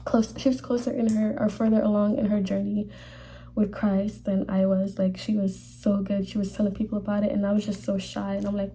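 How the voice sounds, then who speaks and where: A young woman telling a personal faith testimony in a halting, casual way, full of fillers, sometimes dropping to a whisper. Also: medium pitch, flat delivery, dark tone, slight background noise. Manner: halting, many fillers, drops to whispers when emotional. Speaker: vlogger sharing a faith testimony.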